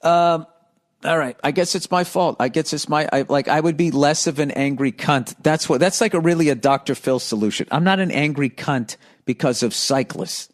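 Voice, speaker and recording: A man's voice: a little high, normal speed. A middle-aged man hosting a podcast, ranting sarcastically and profanely about cyclists while reading listener letters. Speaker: podcast host.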